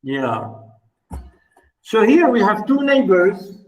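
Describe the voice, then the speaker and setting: Male lecturer with a high voice, repeats points and quizzes the class; recorded from across the room. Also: huge pitch swings, slow pace, dull audio, faint music behind. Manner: repetitive, rhetorical questions, many "you know"s. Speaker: literature lecturer. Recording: voice from far off the mic.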